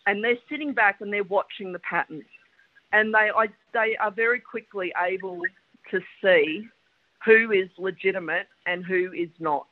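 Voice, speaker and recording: A middle-aged woman, a guest telling stories about her teaching career in a lively, animated way. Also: mid-range voice. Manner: animated, lively storyteller with quick laughs. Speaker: podcast guest, educator. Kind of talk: storytelling interview chat. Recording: tinny phone line.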